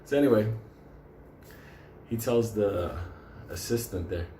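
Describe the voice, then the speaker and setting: Male storyteller, lower-pitched voice, rambling and foul-mouthed, recorded in a reverberant room. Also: slow, dark tone, slight background noise. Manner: digressive, swears constantly, laughs through his story. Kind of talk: casual profane anecdote. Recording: echoey room with faint ambience.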